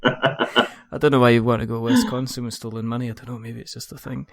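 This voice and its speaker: A man's voice: medium pitch, steady tone, fast. A podcast host with an ordinary mid-range voice. He keeps the chat loose, laughs a lot and spins silly scenarios before he gets to his questions. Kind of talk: casual interview chat.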